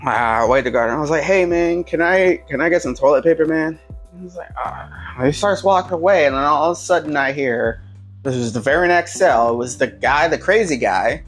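A man telling a jail story in casual chat, swearing a lot and acting out other people's shouting in a high, loud voice. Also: moderate pace, soft background music. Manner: animated, acts out voices shouting at high pitch; heavy swearing, slangy.

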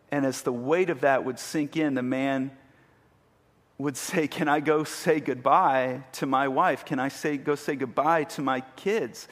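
A man preaching a sermon, retelling a story vividly and building to emphatic peaks. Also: mid-range voice. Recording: long hall reverb.

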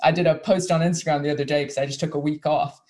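An interview host talking in a lively, chatty way, sharing personal anecdotes before asking questions. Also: medium pitch, quick pace. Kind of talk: casual interview talk.

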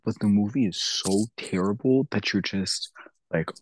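A man in casual podcast chat, ranting with lots of swearing and animated put-on voices. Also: lowish voice, unhurried, rough recording. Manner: profane, animated rants. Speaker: podcast co-host.

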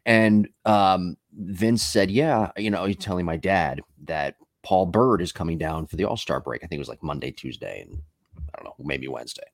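A man's voice: low voice, animated, moderate pace, gravelly, no room sound, studio quality. A man hosting a podcast in casual chat, telling rambling stories with many fillers and asides. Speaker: podcast host.

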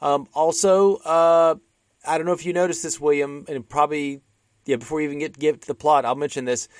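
A man's voice: fairly high pitch, fairly even intonation, brisk. Chatty man discussing old films. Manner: rambling with frequent restarts. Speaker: podcast co-host. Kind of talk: casual film discussion.

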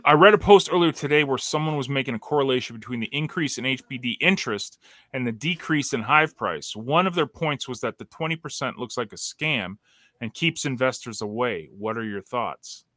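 A laid-back man hosts a podcast from home, reading out viewer questions. His voice is bright and forward, and the sound is dry and close. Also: medium pitch, expressive, brisk, no echo. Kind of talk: casual chat.

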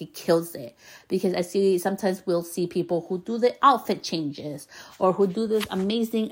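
A woman's voice: lowish voice, a little mellow. A woman hosting a podcast, giving casual, upbeat business tips to hairstylists with lots of fillers and the odd swear word. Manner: chatty, upbeat, frequent fillers and mild swearing. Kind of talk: casual advice talk.

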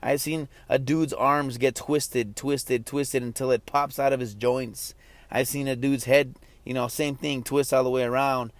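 A man's voice: medium pitch, little pitch movement, unhurried, no echo. A young adult man hosting a podcast, rambling in a casual, slangy and self-mocking way. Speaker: podcast host.

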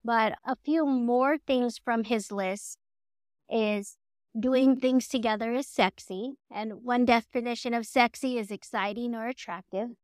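A middle-aged woman co-hosting a podcast in casual chat, animated and laughing often as she acts out quoted voices. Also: a little high, measured pace, clear, resonant tone, no room sound, studio quality. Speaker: podcast co-host.

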